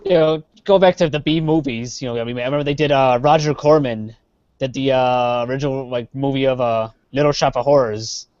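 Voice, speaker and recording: A Chicago-area man co-hosts a casual live-streamed chat, rambling and trailing off with many "uh" fillers. His medium-pitched voice is brisk, fairly even, a little mellow, and smooth, with no room sound, heard through dull lo-fi stream audio.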